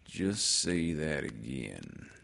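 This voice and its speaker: A man voicing a gloomy old male donkey in a storybook reading, talking in a slow, mournful, drawn-out deadpan. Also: rumbling low, vocal fry, voice pushed down, exaggerated voice.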